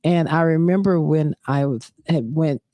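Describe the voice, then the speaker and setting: A woman hosting a talk show, telling a personal story slowly, with frequent pauses and restarts. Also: sits low, warm tone, no echo. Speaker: host. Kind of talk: casual chat.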